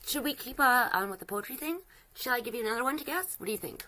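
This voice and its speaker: A woman's voice: a little high, animated, quick pace, bright, forceful tone. A woman livestreaming, chatting flirtily with a chatbot, rambling and restarting her sentences. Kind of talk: casual chat with a chatbot while drawing.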